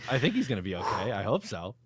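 A man's voice: fairly low pitch, very animated, quick pace, husky, dry recording, studio quality. A man co-hosting a live sports fan stream, easygoing and joking about himself. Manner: self-deprecating, easygoing. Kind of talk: casual chat.

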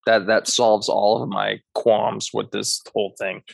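Gravelly low-voiced man, dry sound. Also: level tone, a little slow, no room sound. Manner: agreeable, supportive. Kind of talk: casual discussion of a TV episode.

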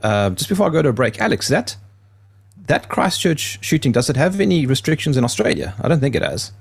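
A man hosts a radio talk show from the studio, thinking out loud as he goes. He trips over his words and restarts sentences, keeping a casual, rambling flow. His voice sits at an ordinary middle pitch. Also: very animated, brisk, creaky, slightly rough.

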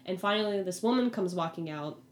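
A young adult woman casually telling a personal story, animated and acting out the voices of others. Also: lowish voice, a little fast. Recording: echoey room with faint hum.

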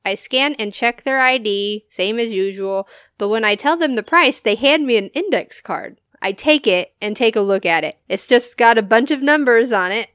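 A woman's voice: a little high, animated, moderate pace, a bit bright, clean tone, no echo, studio quality. A woman co-hosting a podcast, reading listener stories aloud in a casual way and often laughing between lines. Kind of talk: casual storytelling read-aloud.

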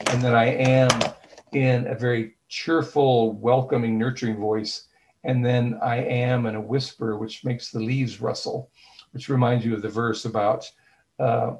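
A man's voice: medium pitch, darkish tone, poor audio. A man being interviewed as an author, speaking thoughtfully with frequent fillers and restarts, and retelling scenes in quoted dialogue. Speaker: author and guest.

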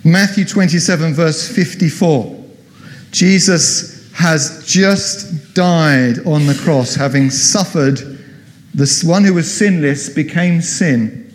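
A man preaching a sermon in a relaxed, chatty way, quizzing his congregation as he goes. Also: on the high side. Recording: long hall reverb.

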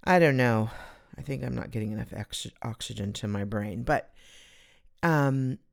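A woman with a very deep, creaky voice speaks at normal speed, hosting her own podcast. Chatting casually alone, she rambles, giggles and pokes fun at herself.

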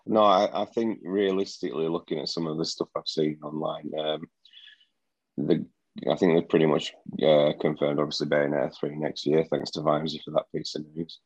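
A man's voice: extremely low pitch, little pitch movement, normal speed, darkish tone, dry recording. A man co-hosting a gaming podcast from home, rambling with plenty of fillers and restarts. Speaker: podcast co-host. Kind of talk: casual gaming podcast chat. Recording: dull, slightly lo-fi sound.

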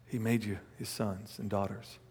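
A male pastor preaching a sermon and telling a personal story, animated, swinging between loud bursts and hushed asides. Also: lowish voice, normal speed. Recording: long hall reverb.

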